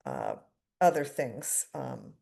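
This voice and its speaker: A woman's voice: rumbling low, wildly swooping pitch, takes it slowly, vocal fry, mellow. Candid middle-aged woman sharing her story. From United States. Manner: candid, self-deprecating, with fillers and asides. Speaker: twelve-step speaker. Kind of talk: personal recovery share.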